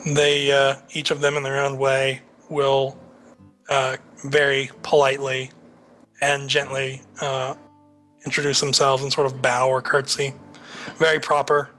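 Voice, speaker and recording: A man narrating a tabletop game as game master, relaxed and full of fillers. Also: mid-range voice, unhurried, faint music behind.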